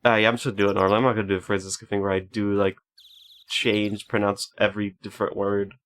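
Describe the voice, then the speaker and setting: Lower-voiced man streaming a game casually. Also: little pitch movement, fast talker, fairly bright tone. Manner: rambling, self-deprecating, chuckling. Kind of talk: casual let's-play commentary.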